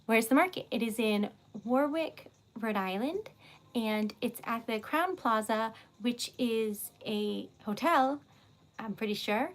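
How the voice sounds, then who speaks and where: A woman hosting a casual livestream while making wax seals, bubbly and excitable, giggling often and chatting with viewers. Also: on the high side, takes it slowly. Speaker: livestream host.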